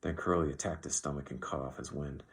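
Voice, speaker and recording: A man reading an audiobook as narrator in an even, measured way. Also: very deep voice. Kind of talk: scripted narration.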